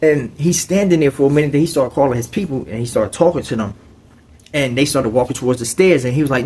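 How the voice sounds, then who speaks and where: A man's voice: mid-range voice, fast, a little mellow, husky. A man telling a story in casual, streetwise slang, with frequent conversational asides.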